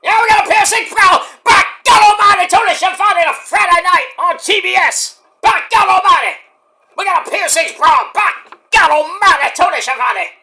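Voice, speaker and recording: A man impersonating an excited older male wrestling announcer who bellows repeated catchphrases. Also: extremely high pitch, brisk, pitched above the performer's own voice, full character voice. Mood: bellowing.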